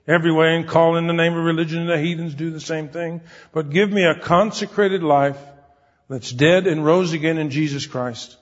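A man preaching an earnest, folksy sermon, acting out the people he quotes. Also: fairly high pitch. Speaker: pastor. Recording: dull recording in a hall with long reverb.

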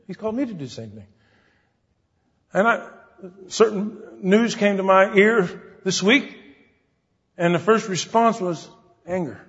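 A man's voice: sits high, expressive, a little slow, pauses often, a bit bright, slightly rough. A man preaching an earnest, folksy sermon, acting out the people he quotes. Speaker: pastor. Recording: dull recording in a hall with long reverb.

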